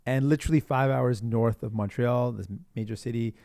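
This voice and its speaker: A man's voice: medium pitch, steady tone, moderate pace, creaky, mellow, no echo, studio quality. A man, a politician guest, telling stories in a casual interview with an earnest, upbeat manner.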